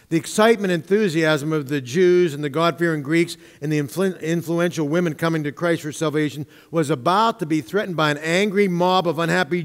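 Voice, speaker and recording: A man preaching a sermon as pastor, with emphatic, drawn-out stresses and humorous asides, in a church sanctuary. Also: fairly high pitch. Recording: long reverb of a church hall.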